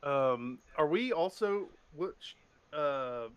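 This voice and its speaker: A man's voice: a little high, lively intonation, extremely slow, smooth, dry recording, dull audio. A man running a streamed tabletop game as game master, casual, with many hesitant fillers and easy laughs.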